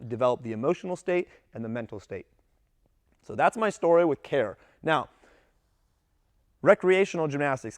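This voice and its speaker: A man coaching gymnastics coaches in a casual talk, lively and acting out what his athletes say. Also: on the high side, no room sound. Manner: animated, acts out athletes' voices in quotes.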